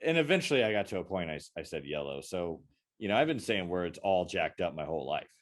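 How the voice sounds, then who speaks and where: Young adult man, podcast co-host, casual chat, very animated, voice jumps around. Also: low-pitched, fast talker. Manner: animated storyteller, acts out quotes in different voices.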